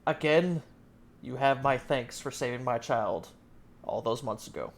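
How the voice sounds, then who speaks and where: A grateful noble warrior giving courteous thanks, as a game master plays him. The voice stays mid-pitched and plain, with no heavy acting. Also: male voice, unhurried, lightly acted.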